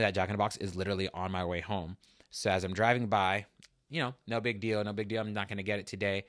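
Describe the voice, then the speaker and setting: A man's voice: on the low side, dry recording, studio quality. A man hosting a fitness talk show, speaking earnestly and personally, getting worked up as he tells his own story. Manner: earnest and emotional, gets loud and worked up retelling a struggle. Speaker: fitness podcast host.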